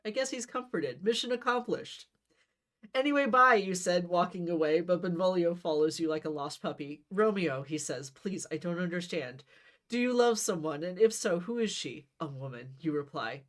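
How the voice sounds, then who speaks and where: A woman's voice: lowish voice, lively intonation, normal speed, a little mellow. A woman reading a comic gamebook aloud in a casual, playful way, with asides and small slips. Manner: playful, laughs at own jokes, slips and restarts. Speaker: book reader.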